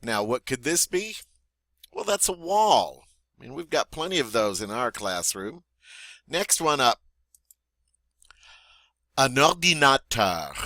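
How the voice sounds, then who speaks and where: A man teaching French vocabulary, modeling each word slowly and deliberately, then pausing for the listener to repeat, in a friendly, encouraging teacher's tone. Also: mid-range voice, a bit bright, dry recording. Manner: slow, deliberate model pronunciation with pauses for repeating. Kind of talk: vocabulary lesson for learners.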